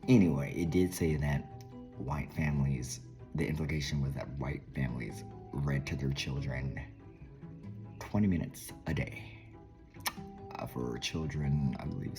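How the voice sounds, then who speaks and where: Very deep-voiced man with a Southern twang. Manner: rambling, self-interrupting, drops into asides and mutters. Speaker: channel host. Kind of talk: casual commentary on reading articles. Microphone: talking to his own camera.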